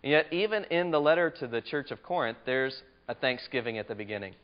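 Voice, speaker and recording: A man's voice: mid-range voice, animated, fast. A man teaching a Bible study lecture in a conversational, emphatic way, asking his class questions, on a muffled lo-fi recording.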